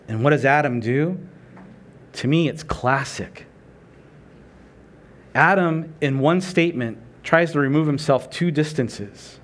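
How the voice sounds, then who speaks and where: A man's voice: a little high, takes it slowly, pauses often. A middle-aged man preaching a sermon in a conversational way, asking rhetorical questions and acting out prayers and dialogue. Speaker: pastor.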